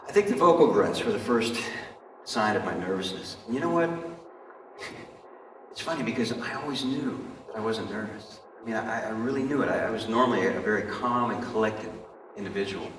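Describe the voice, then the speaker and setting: A man's voice: fairly low pitch, fairly quick, noisy background. A man giving an earnest stage monologue, confiding directly in his audience. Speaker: stage performer telling his life story. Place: stage in a large hall. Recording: echoey hall from far off.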